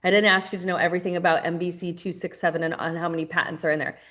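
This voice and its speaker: A woman's voice: lowish voice, level tone, racing, fairly bright tone. A woman leading a live online training for new team members, upbeat and direct, talking to her listeners as "you guys" and repeating phrases for emphasis.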